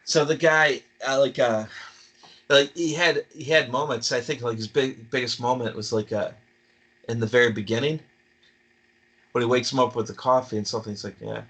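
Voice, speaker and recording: A man talking casually as a podcast guest, laughing often and breaking into animated impressions. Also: mid-range voice, normal speed. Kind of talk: casual chat.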